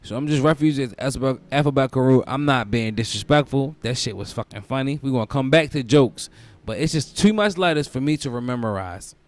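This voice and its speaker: A young man hosting a comedic podcast, ranting in a loose, profane way and bursting into loud mocking quotes. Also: mid-range voice, fairly quick. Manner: profane, animated storytelling with loud mock quotes. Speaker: podcast host. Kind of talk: casual comedic podcast rant.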